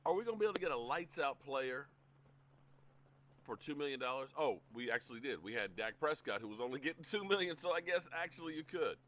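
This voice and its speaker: A middle-aged man hosting a casual live sports talk stream, greeting chat viewers by name in an animated way. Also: medium pitch, fast talker. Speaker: livestream sports show host.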